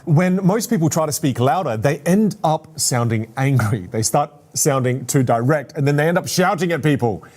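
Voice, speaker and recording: A man's voice: a little high, animated, moderate pace, few pauses, darkish tone. A man hosting and narrating a show with scripted, direct explanations. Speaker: show host.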